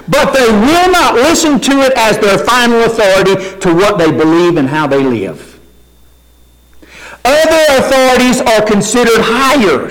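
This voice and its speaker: A male pastor delivers an earnest sermon, walking through scripture point by point. His voice sits very high and moves with lively swings in pitch. He speaks slowly, and his words ring out with the long reverb of a large hall. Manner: earnest, emphatic Bible exposition.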